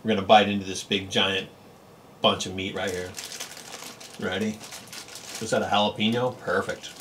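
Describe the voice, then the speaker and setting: Man, food vlogger, low voice, casual eating chat, faint room hum behind. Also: flat delivery, normal speed, fairly bright tone. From California. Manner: chatty, savoring bites with lots of mm and oh. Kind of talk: casual food review vlog. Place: home in Japan.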